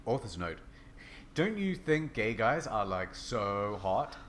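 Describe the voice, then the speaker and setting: A man narrating a comedic dramatic reading in a deadpan, mock-serious way. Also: fairly low pitch, slow pace, slight background noise.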